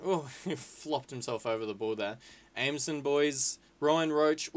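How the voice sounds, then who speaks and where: A man giving casual, excitable gameplay commentary, swearing freely and calling his viewers lads and boys. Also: mid-range voice, a little slow. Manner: excitable, swears a lot, shouts at big moments. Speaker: gaming video creator.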